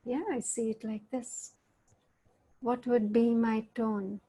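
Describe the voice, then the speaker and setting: Middle-aged woman facilitator, a fairly high voice, an unhurried delivery, and many questions put to the group, heard over a video call. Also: flat delivery, warm tone, husky. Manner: questions the audience often, demonstrates tones of voice. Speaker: workshop facilitator. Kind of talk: interactive online talk.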